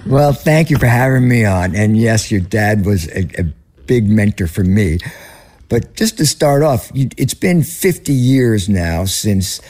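A man in his seventies with a Northern US accent speaks as an interview guest. His voice is warm and mellow. He tells his stories in an earnest, steady way. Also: fairly low pitch, measured pace. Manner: earnest, storytelling. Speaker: ministry leader, guest. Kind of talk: conversational interview.

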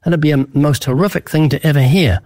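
A man's voice: on the high side, brisk, a little mellow, dry recording. A man answering interview questions in an earnest preaching style, telling vivid stories and acting out quoted lines with emphasis. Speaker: guest evangelist.

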